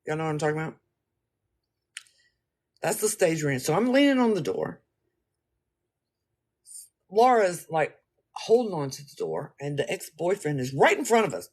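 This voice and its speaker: A man talking casually, telling a story in an animated, slangy, rambling way and speaking straight to his listeners. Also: on the high side, moderate pace, pauses often.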